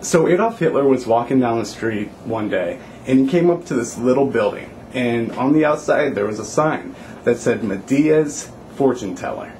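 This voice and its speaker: A man telling a story casually to viewers, relaxed, with fillers like "um" and "like". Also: mid-range voice, moderate pace, a little hiss or hum.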